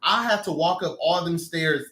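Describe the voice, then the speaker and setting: A man hosting a live casual chat, emotional and quick to tear up while telling stories. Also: on the high side, pushed and bright, roomy sound. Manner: emotional, laughing, tearful storytelling. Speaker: livestream host.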